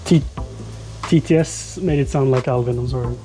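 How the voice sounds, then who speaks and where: A man's voice: mid-range voice, moderate pace. Man streaming from his kitchen, joking chatter to viewers, music playing behind. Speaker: livestreamer. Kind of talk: casual live-stream chat while cooking. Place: home kitchen, cooking.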